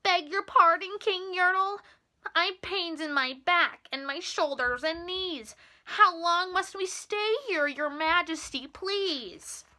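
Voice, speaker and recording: A humble little male turtle pleads and groans from the bottom of a stack, as a woman reading a storybook puts him on. The voice is high and bright. It sounds strained and polite. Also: takes it slowly, exaggerated voice. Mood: pleading.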